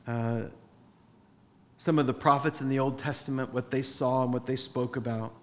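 In a reverberant church hall with a sound booth, a male pastor of medium pitch preaches at normal speed and a steady tone. His sermon is conversational, and he acts out little dialogues with his wife.

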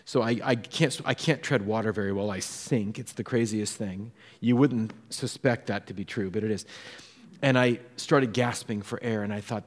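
A man from Southern California preaches a sermon in a lively storytelling way, sinking to a quiet hush on key points. His voice sits at a middle pitch. It rings with the long reverb of a large hall. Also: moderate pace. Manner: storytelling, drops to a soft hush for emphasis. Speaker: pastor.

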